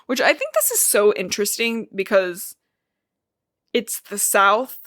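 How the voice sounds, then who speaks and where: A woman's voice: mid-range voice, big pitch swings, a little slow, a bit bright, dry recording, clean studio sound. A woman with a Midwestern American accent co-hosting a casual book-discussion podcast, retelling scenes, swearing freely and laughing often. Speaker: podcast co-host.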